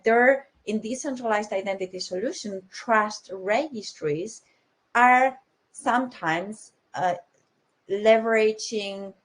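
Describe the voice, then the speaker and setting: Woman, young adult, has a cold; explanatory conference speaker, brisk with fillers and restarts. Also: mid-range voice. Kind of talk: technology talk.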